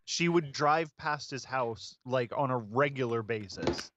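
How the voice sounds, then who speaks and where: A man's voice: medium pitch, expressive, unhurried. A man co-hosting a podcast, making dry, wry remarks in casual chat. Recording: muffled with background hiss.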